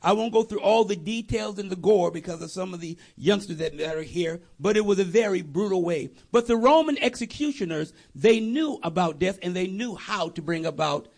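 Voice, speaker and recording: A male pastor preaching a sermon to a congregation, telling the story with animated energy and voicing its characters. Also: high voice, moderate pace, few pauses.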